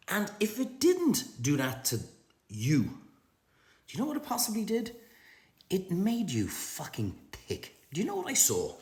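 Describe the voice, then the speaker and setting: A middle-aged Irish man delivering a profane comic rant to camera, ranting in an animated, swearing way. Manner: profane, animated ranting with big pitch swings. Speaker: social media comedian. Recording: roomy echo.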